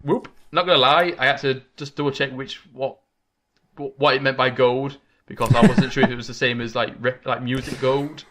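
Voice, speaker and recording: A man hosting a casual gaming podcast, talking in an excitable, chatty, rambling way into a desk microphone. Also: medium pitch, a little fast. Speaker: podcast host.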